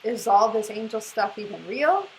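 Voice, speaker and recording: A woman's voice: mid-range voice, sing-song, normal speed, slight background noise, rough recording. A woman in her forties, co-hosting a casual video and reading aloud from her old journal, earnest but often breaking into laughter. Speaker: co-host sharing her spiritual journey.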